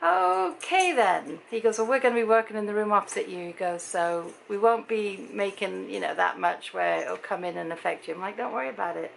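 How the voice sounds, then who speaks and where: Tired chatty British woman, gravelly. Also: medium pitch, fast, few pauses, a little hiss or hum, poor audio. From Britain. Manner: chatty storytelling, acting out both sides of conversations. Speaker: vlogger. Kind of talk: casual chat to camera.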